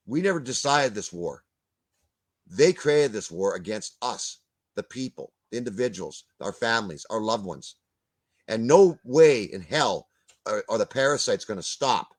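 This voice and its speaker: Ranting older man. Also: medium pitch. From Canada. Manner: ranting, blunt, swears, repeats words. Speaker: guest. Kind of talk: heated video-call discussion.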